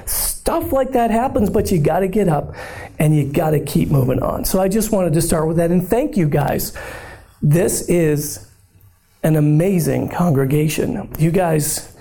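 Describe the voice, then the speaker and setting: A hoarse man giving an animated, joking sermon-style talk as a guest speaker at a church, often checking in with the room. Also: fairly high pitch, measured pace. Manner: animated and conversational, often asking the room "right?"; bold, upbeat and joking. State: hoarse, voice nearly gone.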